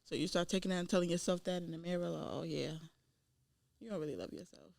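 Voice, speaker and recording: A podcast guest speaking quietly, candidly and reflectively in a casual chat. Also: medium pitch, quick pace, vocal fry.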